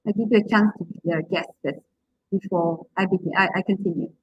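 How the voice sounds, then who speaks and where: Speaking briskly in a steady, mid-range voice with a breathy edge, a woman teaches public speaking in an interactive online session. The sound is lo-fi with no room sound, and she is encouraging, asks her class questions, and uses plenty of "okay," "right," and fillers.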